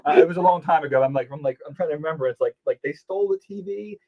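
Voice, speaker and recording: A man in casual podcast chat, talking fast and joking as he goes. His slightly high voice rises and falls a great deal. The recording sounds dull and muffled. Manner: fast, lively and joking, with many restarts.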